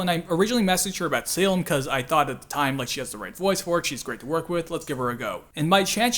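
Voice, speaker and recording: A man with a voice on the higher side and a fairly bright tone hosts a casual video commentary. A channel host and voice actor, he is chatty and self-deprecating, laughing often and using plenty of filler words.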